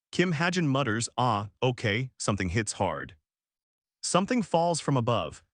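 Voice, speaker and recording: A man reads a scripted story recap at a middle pitch, his voice rising and falling in a lively way. He tells the action step by step and drops dramatic questions along the way. The sound is dry and close, with no room around it. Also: dry recording. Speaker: recap narrator. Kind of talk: scripted narration.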